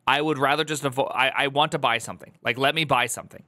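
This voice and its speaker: A man reacting to a video on a live stream, rambling with restarts and loud joking asides. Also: mid-range voice, fairly even intonation, fast, dry recording, clean studio sound.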